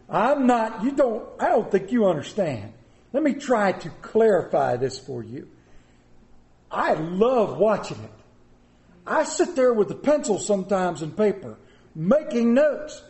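High-voiced pastor in echoey church. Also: male voice, expressive, unhurried, darkish tone. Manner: folksy, joking storyteller. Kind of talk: sermon. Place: church sanctuary. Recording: roomy church echo.

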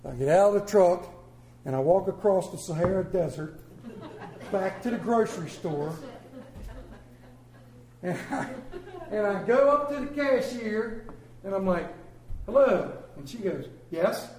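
A man's voice: sits high, animated, measured pace, long pauses, darkish tone, a little hiss or hum. A man preaching a sermon, telling folksy, exaggerated stories in a church. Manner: folksy storytelling with comic exaggeration. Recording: echoey room.

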